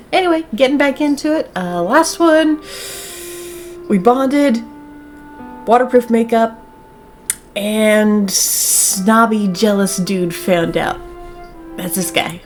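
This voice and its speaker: A woman's voice: on the high side, slow, pauses often, faint music behind. A woman hosting a casual let's-play, chatting in a giggly, chatty way. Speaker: gaming channel host.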